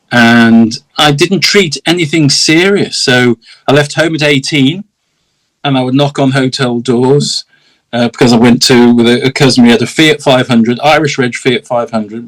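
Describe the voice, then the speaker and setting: A man's voice: mid-range voice, rough recording. A middle-aged man with an English accent, a guest telling anecdotes in a casual interview, laughing often and acting out the voices in his stories.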